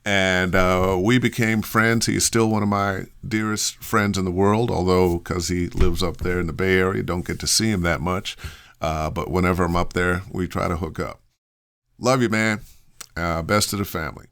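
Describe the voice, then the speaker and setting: A middle-aged man giving voice acting advice in a relaxed, thinking-aloud way, full of fillers and restarts. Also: sits low, moderate pace, clear, resonant tone. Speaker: voice acting coach answering questions. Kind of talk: casual advice talk.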